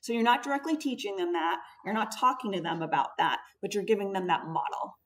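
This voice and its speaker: Speaking at a quick pace in a mid-range voice, a woman speech therapist presents at a conference, explaining things patiently and emphasizing important words. The recording catches her from afar in the conference room.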